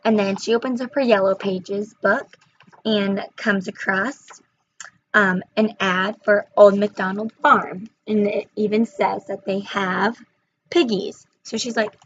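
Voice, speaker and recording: A woman's voice: medium pitch, unhurried, slight background noise. A young woman retelling and reviewing a children's book in a chatty way, with frequent fillers, on a slightly muffled recording.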